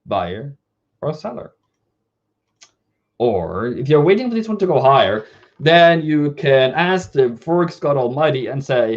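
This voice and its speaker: Man, live trading analyst; casual, straight-talking, lively pitch, dull lo-fi audio. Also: a little slow, pauses often. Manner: casual, direct, talks to viewers as "bro" and "my brother". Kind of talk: live market analysis stream.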